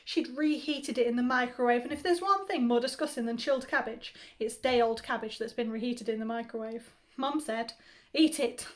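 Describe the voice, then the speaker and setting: Brief: a teacher reading a comic children's story aloud, high-voiced and playful. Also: female voice, brisk. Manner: animated, playful comic timing. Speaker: primary school teacher.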